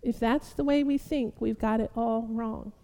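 A woman pastor preaching a sermon, building to loud, fervent exhortation and calling her listeners beloved. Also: a little high, steady tone, moderate pace, long reverb tail.

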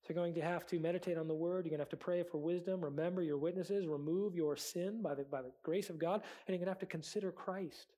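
A man's voice: high-pitched, steady tone, fast, few pauses, warm tone. A man preaching a sermon as pastor, earnest, acting out quoted prayers and excuses.

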